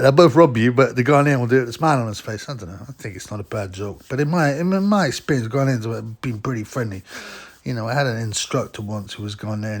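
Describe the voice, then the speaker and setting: A man rambles through casual boxing commentary with a gravelly, fry-laden voice. He is blunt and mocking, and his pitch sits in an ordinary middle range. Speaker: boxing vlogger.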